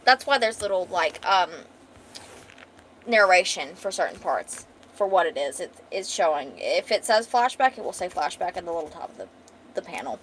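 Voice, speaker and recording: A woman's voice: fairly low pitch, lively intonation, moderate pace, fairly bright tone, a little hiss or hum, poor audio. A woman casually reading her own comic aloud on a stream, chatty and rambling as she explains the panels. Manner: chatty, rambling, lots of likes and restarts.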